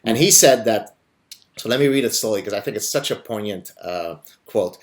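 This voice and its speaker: A man with a fairly low voice, hosting a conversational interview. He speaks deliberately and fills his pauses with frequent filler words. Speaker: host.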